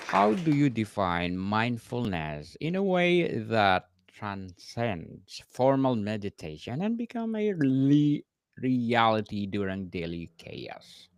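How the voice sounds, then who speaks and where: Slow-speaking male podcast host. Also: medium pitch, huge pitch swings, clean tone, no echo. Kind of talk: podcast interview questions.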